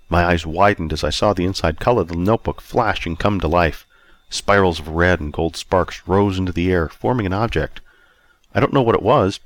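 A man's voice: deep voice, no echo. A man narrating a first-person story aloud in a wry, self-mocking way. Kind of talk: audiobook reading.

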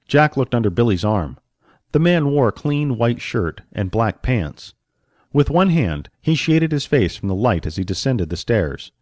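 A man narrating an audiobook story with expressive storytelling and varied pacing. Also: mid-range voice, measured pace, no echo, clean studio sound.

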